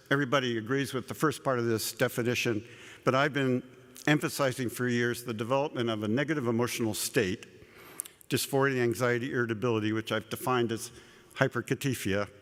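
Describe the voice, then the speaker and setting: A man at a conference lectern lays out a scientific framework in a relaxed, conversational way. He repeats words as he goes and slips in dry asides. His voice carries a long reverb from a large hall. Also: mid-range voice. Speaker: conference speaker. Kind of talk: plenary scientific lecture.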